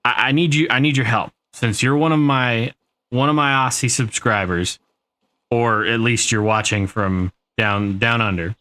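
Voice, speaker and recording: A man's voice: medium pitch, fairly even intonation, normal speed, bright, forceful tone. An American man chatting casually on a live stream while playing a game, rambling through an anecdote and swearing freely. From United States.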